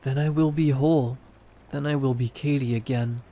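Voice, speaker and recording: A man voicing a hungry undead girl who rasps in a wet, whiny, pleading voice in a horror story. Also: mid-range voice, fairly even intonation, moderate pace, mellow, lightly acted. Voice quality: wet rasping voice. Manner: whiny and pleading, turning to shrieks.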